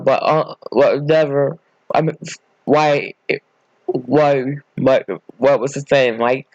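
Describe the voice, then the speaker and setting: On a dull, dry recording with no echo, a man with a medium-pitched voice casually narrates an improvised fan story, rambling and correcting himself as he goes.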